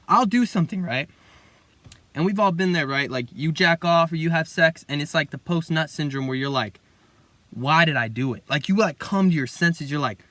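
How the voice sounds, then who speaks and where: A young man delivers a casual motivational monologue in a loose, rambling way, full of slang and "bro". His voice sits a touch higher than most men's. The sound is dry and close, with no room echo. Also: a bit bright. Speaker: self-improvement video host.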